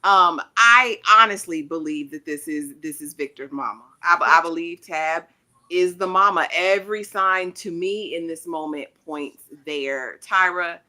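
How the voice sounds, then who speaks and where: A woman's voice: on the low side, measured pace, sharp tone. A woman hosting a TV recap panel, retelling scenes and putting questions to her co-hosts. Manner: storytelling recap, then hands questions to panelists. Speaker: host. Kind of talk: casual TV recap chat.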